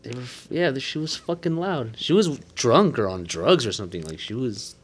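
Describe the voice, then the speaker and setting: A man's voice: mid-range voice, normal speed, slightly rough. A man, a body piercer, casually telling crude shop stories with lots of swearing and laughter. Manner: profane, laughing, animated storytelling. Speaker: piercer and podcast host. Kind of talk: casual storytelling chat.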